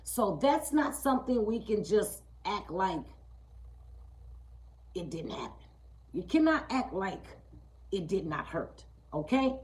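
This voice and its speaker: Slow, emphatic woman talking live. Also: very animated, poor audio. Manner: emphatic, repetitive, keeps asking "okay?"; slow and deliberate, drops low and quiet on key points. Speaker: live stream host. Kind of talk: live-streamed motivational talk.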